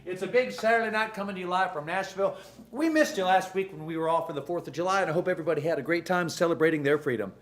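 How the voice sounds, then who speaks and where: A man's voice: high-pitched, very fast. A man hosts a live-streamed music show from a studio, using folksy, theatrical showman patter full of jokes. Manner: folksy, theatrical announcer delivery.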